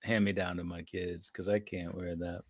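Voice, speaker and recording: A man in his forties, a guest on a radio show, chatting in a friendly, relaxed way with easy laughs. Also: low voice, normal speed. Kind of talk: casual radio interview chat.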